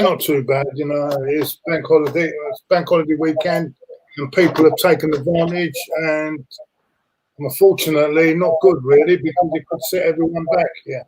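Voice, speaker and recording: Blunt bloke co-hosting, a bit husky, slightly high voice. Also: male voice, steady tone, normal speed, a little mellow, poor audio. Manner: blunt, swears, rambling. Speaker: co-host. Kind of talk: casual live-stream chat.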